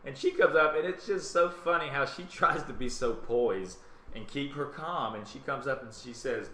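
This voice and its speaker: Animated Southern man telling a story. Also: medium pitch, normal speed. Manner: animated, acts out quotes in other voices. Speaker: talk show host. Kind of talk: casual storytelling on a live web show. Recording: roomy webcam stream with faint hiss.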